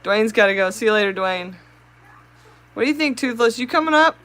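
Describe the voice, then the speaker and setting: An excitable woman hosts a live stream, chatting with her viewers and talking to her fish. Her voice sits a little high. She talks casually and eagerly, as if to friends. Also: fairly quick, long pauses, rough recording.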